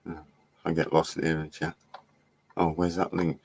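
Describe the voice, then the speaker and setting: A man's voice: deep voice, little pitch movement, moderate pace, gravelly, darkish tone, slight background noise. A middle-aged man chatting loosely on a livestream, laughing often and swearing now and then as he reads the chat. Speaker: livestream host. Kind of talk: rambling live-stream chat.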